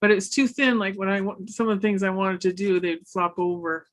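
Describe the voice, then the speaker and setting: A woman's voice: mid-range voice, a little fast. Casual woman joining a video-call workshop. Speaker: workshop participant.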